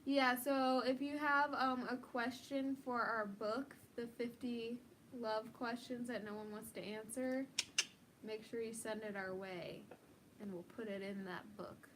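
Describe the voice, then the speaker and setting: A woman's voice: fairly high pitch, steady tone, a little slow, background noise. A woman co-hosting a live stream, chatting casually and giggling as she answers viewer questions. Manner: chatty, giggly, uses many likes.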